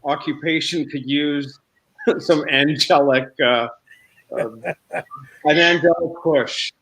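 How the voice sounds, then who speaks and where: A man's voice: a little high, steady tone, slow, fairly bright tone, slightly rough, rough recording. A man who is a real estate agent, chatting in an easygoing, friendly way as a guest on a video call. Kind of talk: casual interview chat.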